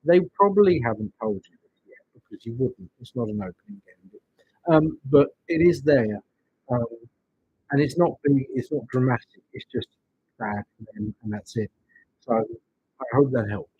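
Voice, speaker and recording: A man hosting a live-streamed tarot reading, talking gently and reassuringly and checking in with the listener as he goes. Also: medium pitch, normal speed, breathy edge, dull audio. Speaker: tarot reader and stream host.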